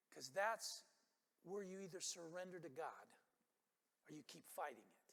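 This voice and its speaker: An older man preaching a sermon as pastor, telling a story and acting out the people in it with animated quotes. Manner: animated, acts out quotes with rising pitch. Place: church sanctuary. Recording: long hall reverb.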